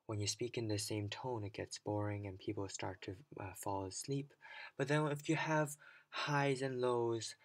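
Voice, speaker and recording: A young man teaching English pronunciation for a speaking exam, with a clear, teacherly delivery that demonstrates stress patterns. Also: fairly low pitch, measured pace. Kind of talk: scripted lesson to camera.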